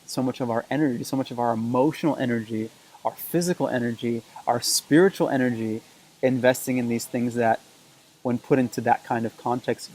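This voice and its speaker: Earnest man musing to camera, flat and mellow. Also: medium pitch, low-quality recording. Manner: earnest and reflective, repeats phrases for emphasis. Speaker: vlogger. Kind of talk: reflective talk to camera. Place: indoors, camera propped on a table. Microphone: camera mic on a table.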